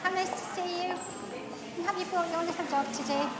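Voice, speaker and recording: An actress playing a bright, welcoming food bank worker. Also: female voice, very high-pitched, fairly even intonation, a little fast, over a noisy crowd. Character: cheerful female food bank worker greeting visitors.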